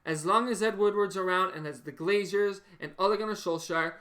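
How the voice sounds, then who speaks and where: A man with a high, sharp voice delivers a post-match reaction rant as a football fan host. He sounds exasperated, swears heavily and keeps circling back to the same complaints, with a forceful edge. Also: brisk. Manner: exasperated, heavy swearing, repetitive ranting.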